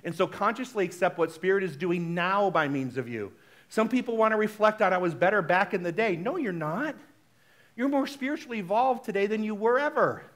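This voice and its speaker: A man giving a sermon as a minister, talking in a chatty, animated way and speaking straight to the congregation. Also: high-pitched, a little fast. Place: spiritual center service.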